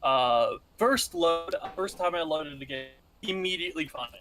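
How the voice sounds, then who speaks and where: A man's voice: a little high, unhurried, sharp tone, faint music behind. A man hosting a casual gaming stream, rambling and laughing often with friends. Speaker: streamer host.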